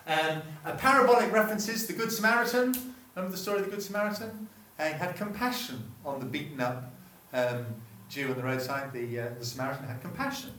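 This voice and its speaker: A man's voice: on the high side, animated, fast talker, hardly any pauses, pushed and bright, a little hiss or hum. A man preaching a sermon, chatty and often stopping himself mid-sentence to put questions to the congregation. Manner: chatty, self-interrupting, asks the room questions. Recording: echoey room, voice from far off.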